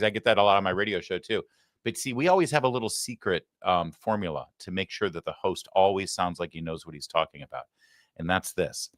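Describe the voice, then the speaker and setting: Bright, low-voiced man hosting a live show. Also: fast talker, dry recording, clean studio sound. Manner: joking, chatty, many filler "uh"s. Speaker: show host. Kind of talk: casual live-show chat.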